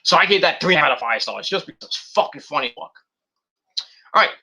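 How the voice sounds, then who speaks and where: A man casually recapping a wrestling show in a vlog, animated and swearing freely as he acts out what people said. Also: a little high, a little fast, vocal fry, breathy edge.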